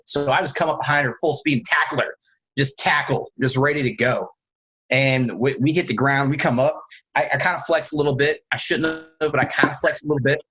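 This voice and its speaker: A man co-hosting a podcast, telling a story in a casual, animated way and acting out the quotes. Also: medium pitch, breathy edge, low-quality recording. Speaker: podcast co-host.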